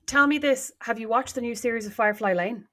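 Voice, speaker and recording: A woman's voice: on the high side, quick pace, fairly bright tone. A middle-aged Irish woman co-hosting a podcast, chatting casually with dry, sardonic quips. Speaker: podcast co-host. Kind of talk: casual chat. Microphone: remote recording setup.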